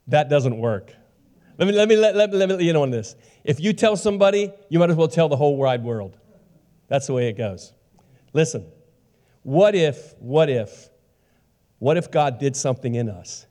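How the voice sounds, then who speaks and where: An animated male pastor in his fifties delivering a sermon in a warm, mellow voice that sits slightly high for a man. He chats with the congregation and acts out quoted lines with sudden jumps in pitch. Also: moderate pace, pauses often.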